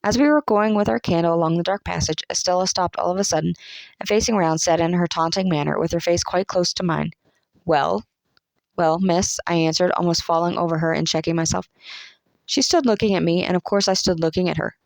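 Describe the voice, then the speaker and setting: A narrator with a Southern US accent, reading a classic novel aloud in a measured, even storytelling manner. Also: medium pitch, gravelly, no room sound. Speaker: audiobook narrator.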